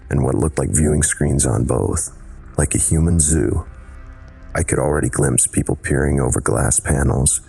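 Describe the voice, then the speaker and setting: A man reads a horror story aloud in measured, dramatic scripted narration. His voice is extremely deep, with a rough, husky grain. Faint music plays underneath. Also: a little mellow.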